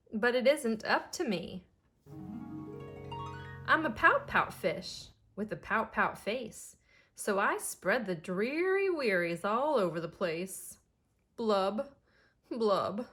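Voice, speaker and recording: A woman's voice: medium pitch, big pitch swings, takes it slowly, fairly bright tone. A woman voicing a gloomy male fish who sulks in a sing-song rhyming refrain. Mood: glum.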